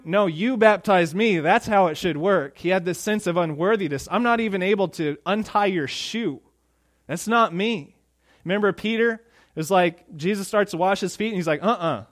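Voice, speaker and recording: High male pastor, conversational sermon delivery, punches up the quoted lines. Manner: conversational preaching, rising and louder when quoting speakers.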